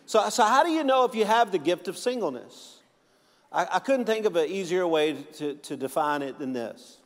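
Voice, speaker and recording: A man's voice: high voice, animated, normal speed, big-room sound. A male pastor preaching a sermon in a joking, conversational way, with frequent restarts.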